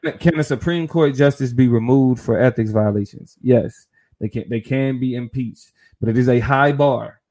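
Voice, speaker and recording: A man's voice: mid-range voice, normal speed, warm tone. A man co-hosting a podcast, explaining politics in a thoughtful, casual way, often restarting his phrases. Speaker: podcast co-host.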